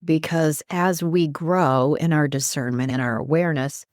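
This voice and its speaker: Low-voiced woman teaching faith, preacherly. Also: normal speed, dry recording, clean studio sound. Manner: animated, preacherly, quotes scripture. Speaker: guest, life coach and minister. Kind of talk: earnest faith-based teaching in conversation.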